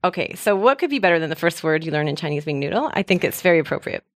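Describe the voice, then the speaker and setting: A cheerful woman with a low-pitched voice leads a podcast language lesson. She explains step by step and prompts her co-host with a laugh. The sound is close and dry. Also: big pitch swings, racing, no echo.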